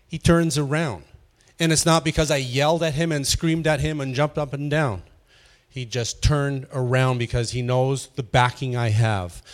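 A man giving an informal teaching sermon, asking the room questions and chuckling often. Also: a little high. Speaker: pastor leading a Bible study.

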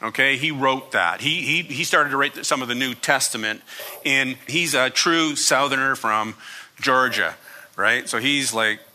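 A man's voice: mid-range voice, unhurried, bright, forceful tone. A man preaching a sermon as pastor, emphatic and repeating phrases for effect.

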